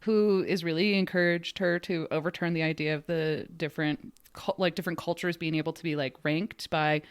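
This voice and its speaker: A woman hosting a relaxed history podcast, talking in a chatty, storytelling way. Her voice sits a little low. She often slips into quick acted quotes from the people she describes. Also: clear, resonant tone. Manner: chatty, animated, acts out quotes. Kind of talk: casual history chat.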